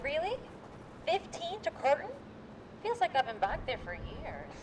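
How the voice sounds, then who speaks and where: A fiery young chorus girl from the 1920s rants and gossips with high theatrical flair, played live by a woman. She is performed outdoors on a busy street, where the traffic noise comes through clearly. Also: very animated, a little slow. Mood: confiding. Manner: dramatic, ranting, gossipy.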